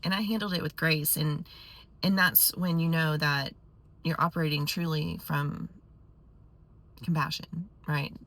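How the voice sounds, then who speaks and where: A woman vlogger telling a story to her viewers in a casual, animated way with quick asides. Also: low-pitched.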